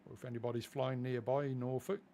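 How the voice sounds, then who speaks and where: A man's voice: medium pitch, steady tone, fast, creaky, dark tone. A man from England talks loosely over his flight simulator stream in a mid-range voice, wandering off on asides and poking fun at himself. A faint hiss of noise sits under his voice. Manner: chatty, self-deprecating, easily distracted. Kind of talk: casual live-stream commentary.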